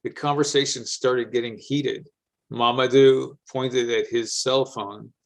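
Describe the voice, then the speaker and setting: Man reading a story in an even voice. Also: mid-range voice, unhurried, vocal fry. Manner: even, matter-of-fact narration with casual slang in dialogue. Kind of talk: audiobook-style story reading.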